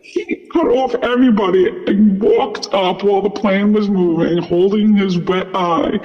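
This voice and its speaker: A man's voice: high voice, steady tone, a little slow. A man who works as a flight attendant telling a story casually, full of "like" and "you know". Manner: chatty, lots of "like" and "you know". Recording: dull sound with long reverb.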